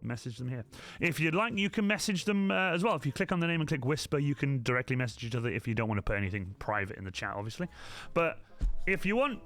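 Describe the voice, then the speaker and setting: Speaking in a medium-pitched, somewhat bright voice, this young livestream host runs a relaxed crafting stream. He chats away to his viewers, addressing chat directly and apologizing frequently.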